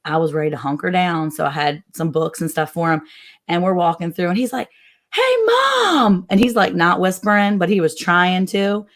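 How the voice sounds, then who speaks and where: A woman in her forties, a guest on a casual chat stream, telling an animated story about her son. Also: on the low side, fairly quick. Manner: animated, acts out the people in her stories.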